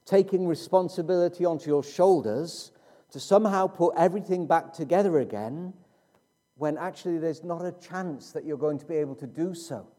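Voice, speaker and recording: A man preaching a sermon in a slow, emphatic way with dramatic pauses. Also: fairly high pitch, mellow.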